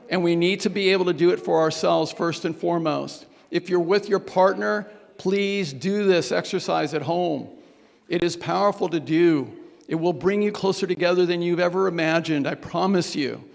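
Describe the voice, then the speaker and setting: A man's voice: high voice, moderate pace, vocal fry, big-room sound. A man leading a workshop group exercise, coaching and urging the room on with energy. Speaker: workshop presenter.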